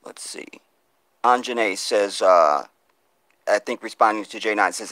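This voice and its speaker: A man's voice: fairly low pitch, animated, measured pace, pushed and bright, dry recording. A man hosting a live stream, reading viewer comments and pleading for donations in an impassioned, profane way, on a phone mic. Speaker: livestream host.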